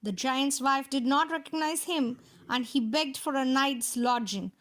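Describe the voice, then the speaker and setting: High-voiced woman reading a children's story. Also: a little slow.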